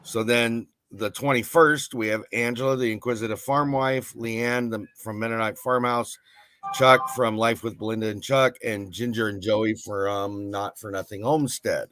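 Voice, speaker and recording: A man's voice: on the low side, steady tone, moderate pace, fairly bright tone, no echo. A man co-hosting a casual live-stream chat, reading out the event lineup in a loose, rambling way.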